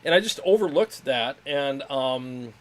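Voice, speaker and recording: A man's voice: medium pitch, expressive, measured pace. A man hosting a casual livestream, talking about his equipment in an enthusiastic, rambling way with restarts and frequent laughter. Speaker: show host.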